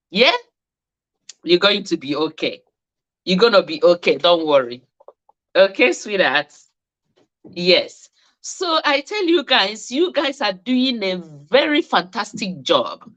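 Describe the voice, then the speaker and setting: A woman's voice: medium pitch, big pitch swings, slow pace, pauses often, fairly bright tone. A woman hosting a live stream, reading out viewers' comments in a chatty, teasing way and laughing often. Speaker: host of a live weight-management Q&A.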